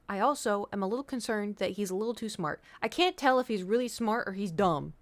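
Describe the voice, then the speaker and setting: A woman's voice: mid-range voice, brisk, few pauses. A woman streamer chatting casually with viewers, telling a rambling story with swearing and the odd whispered aside. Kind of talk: casual chat.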